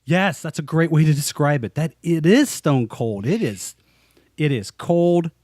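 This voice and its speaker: A man's voice: on the high side, lively intonation, unhurried, a little mellow, dry recording, studio quality. A man co-hosting a podcast, chatting casually and enthusiastically, acting out quotes. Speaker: podcast co-host. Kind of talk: casual chat.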